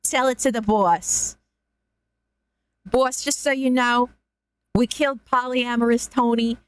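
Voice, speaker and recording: Woman putting on a New York henchman, gruff, repetitive, male goon, dry close sound. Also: fairly high pitch, fairly even intonation, slow, no room sound. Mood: tough. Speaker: streamer.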